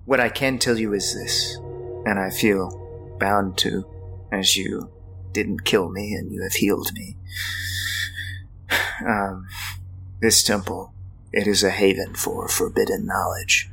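A man voicing a battered, frail apprentice to a wizard who speaks in quiet, terse lines. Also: deep voice, steady tone, takes it slowly, creaky, long pauses, faint music behind, full character voice, rough recording. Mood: guarded.

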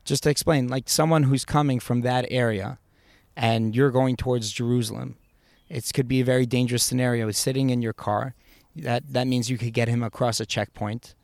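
A man's voice: mid-range voice, steady tone, normal speed, vocal fry, a little mellow, no room sound. A man interviewing a guest, giving brief responses and short explanations. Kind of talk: casual interview.

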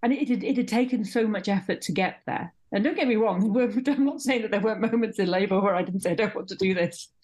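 A woman's voice: mid-range voice, fast, hardly any pauses, darkish tone. A middle-aged woman who teaches midwifery, speaking in an interview with passion and emphatic repetition. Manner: passionate, emphatic, repeats words when stressing a point. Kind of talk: conversational interview.

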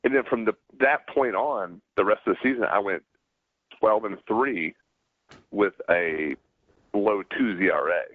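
A middle-aged man with a Southern US accent, a guest in a casual interview, telling stories in a halting way with many restarts. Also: on the low side, no echo. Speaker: guest, former pro pitcher. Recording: dry, tinny phone-like line.

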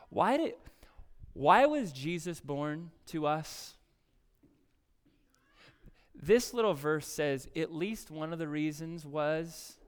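A man's voice: on the high side, clear, resonant tone. A man preaching a sermon as a pastor, reading scripture emphatically and asking the congregation questions.

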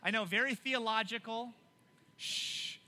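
A young man preaching a youth sermon, animated and emphatic, often repeating himself to keep listeners engaged. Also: very high-pitched, unhurried. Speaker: youth pastor.

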